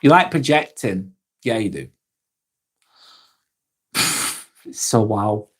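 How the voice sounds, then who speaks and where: Relaxed British man chatting on a live stream. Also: on the low side, slightly rough. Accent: British English. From England. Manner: relaxed and chatty, with frequent ums and quick laughs. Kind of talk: casual live-stream chat, reading comments aloud.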